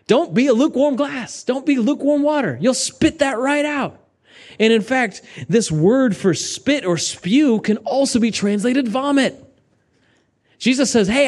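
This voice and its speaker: Animated man preaching a sermon. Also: on the high side. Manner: animated, conversational preaching with sudden shifts from loud to hushed. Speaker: pastor.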